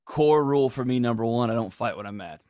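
As a podcast guest in conversational talk, a middle-aged man speaks earnestly with emphasis, performing quoted lines along the way. He talks fast in a warm, medium-pitched voice, recorded studio-quality without room sound.

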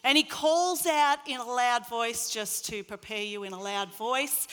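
A woman preaching a sermon in an expressive way, her voice rising into loud calls at its peaks. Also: on the high side, measured pace, hardly any pauses, big-room sound. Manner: expressive, rising to loud acted crowd cries.

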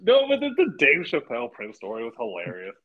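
A man's voice: medium pitch, wildly swooping pitch, fairly quick, fairly bright tone, muffled recording. A man co-hosting a podcast who chimes in with short reactions and laughs often. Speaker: podcast co-host. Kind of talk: casual chat.

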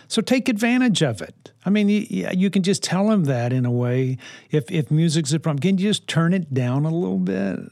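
A man giving parenting advice in a reflective, earnest talk, unhurried and touched with dry humor. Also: fairly high pitch, lively intonation, a little mellow, no room sound. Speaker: parenting speaker.

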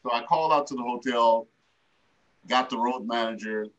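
A man's voice: mid-range voice, normal speed, highs cut off. Older man telling a story. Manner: relaxed anecdotal telling with lively quoted voices. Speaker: guest. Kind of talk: storytelling in an interview.

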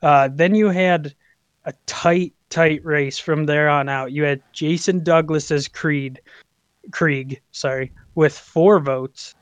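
A man co-hosting a gaming podcast, reading out award results in an easygoing, measured way. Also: on the high side, fairly even intonation, smooth, no echo. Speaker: podcast co-host. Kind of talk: casual chat, mock award-show announcing. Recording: slightly dull, dry podcast audio.

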